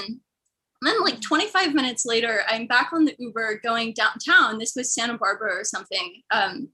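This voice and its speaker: A woman's voice: a little high, moderate pace, sharp tone, low-quality recording. A young woman from the American Midwest telling a rambling, self-deprecating stand-up story. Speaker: comedian.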